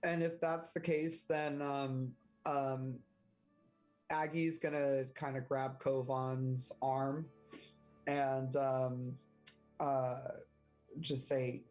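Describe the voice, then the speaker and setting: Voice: mid-range voice, little pitch movement, drawn-out words, a little mellow, soft background music, poor audio. A player describing actions in a tabletop game, hesitant with many fillers. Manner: hesitant, lots of ums. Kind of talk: casual tabletop play.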